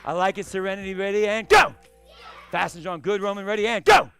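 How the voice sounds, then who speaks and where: A man teaching a live karate class, calling out short commands and shouting kiais. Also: sits high, lively intonation, fairly quick, smooth. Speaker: karate instructor. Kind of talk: live martial arts class instruction. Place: karate studio.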